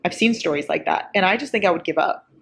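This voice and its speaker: A woman's voice: fairly low pitch, quick pace, gravelly. Giggly woman in her twenties. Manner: chatty, giggly, excitable. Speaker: book vlogger. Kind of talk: casual reading vlog.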